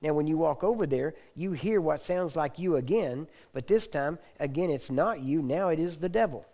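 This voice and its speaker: A man teaching a sermon, often checking in with his listeners and clearing his throat now and then. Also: a little high, lively intonation, moderate pace, mellow. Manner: repetitive, asks the audience for agreement. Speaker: preacher.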